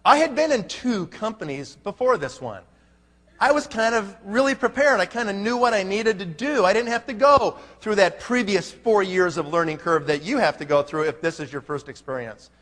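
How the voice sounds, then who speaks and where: A man's voice: sits high, lively intonation, moderate pace, fairly bright tone. A man giving a folksy motivational speech to a live audience, punchy and full of rhetorical questions. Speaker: network marketing leader. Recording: long hall reverb.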